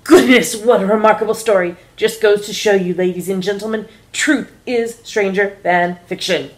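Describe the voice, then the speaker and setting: A woman reading the part of a sly, smooth-talking male airline first officer in a casual script read-through, in a teasing, mock-formal announcer tone. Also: medium pitch, normal speed, pitched above the performer's own voice, natural voice.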